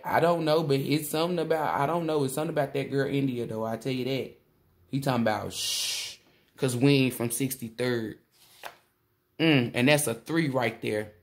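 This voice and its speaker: Her voice rumbles low as this tarot reader talks at a moderate pace through a relaxed monologue. She's thrilled and profane, bursting into exclamations and trembling with excitement.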